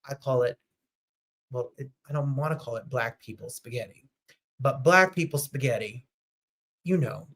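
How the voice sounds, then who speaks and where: A man hosting a live online show, chatting casually and animatedly, with sudden jumps to loud, high outbursts. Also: normal speed, long pauses, breathy edge. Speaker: host. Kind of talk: casual livestream chat.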